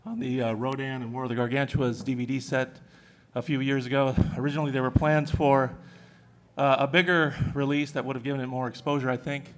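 A man's voice: mid-range voice, steady tone, brisk. A man speaking on a live convention panel, a little out of breath, talking with many hesitant fillers.

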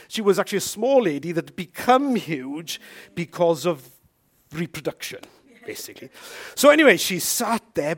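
A man preaching a sermon, telling a personal story with lively swings from hushed asides to loud, emphatic lines. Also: on the high side, gravelly.

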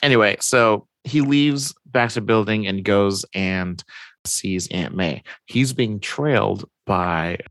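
A man's voice: lowish voice, takes it slowly, a bit bright, no room sound. A man in casual chat, animatedly retelling a comic storyline and acting out the characters' lines.

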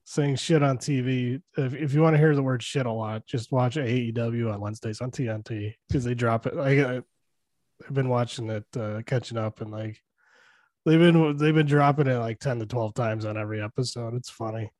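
A man's voice: medium pitch, moderate pace, darkish tone, dry recording. A man co-hosting a podcast, breaking down a movie in loose, profane chat and laughing often. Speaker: podcast co-host.

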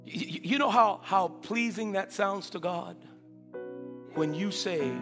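A man preaching a sermon with enthusiasm, repeating words and swinging between loud calls and low murmurs. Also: a little slow, big-room sound, over music.

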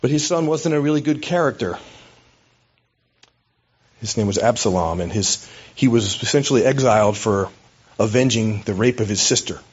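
A man's voice: mid-range voice, animated, moderate pace, pauses often, slightly rough, dull audio. A man preaching a sermon as a pastor, in a conversational, storytelling way with hesitations.

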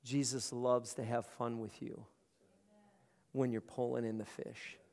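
Gravelly pastor preaching in a hall. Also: male voice, mid-range voice, little pitch movement, unhurried, darkish tone. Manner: conversational, repeats words as he starts phrases. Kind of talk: sermon. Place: large room. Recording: long hall reverb.

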